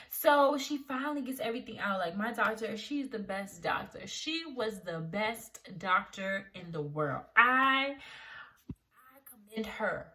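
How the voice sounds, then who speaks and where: A woman's voice: a little high, a little slow. A young woman, telling a personal story to camera in a vlog and acting out what people said. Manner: animated, acts out quotes. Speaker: vlogger.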